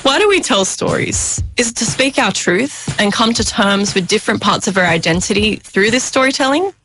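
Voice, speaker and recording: A woman hosting an audio storytelling show, announcing in a clear, even way. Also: mid-range voice, normal speed, over music. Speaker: radio show host. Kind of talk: scripted presenting.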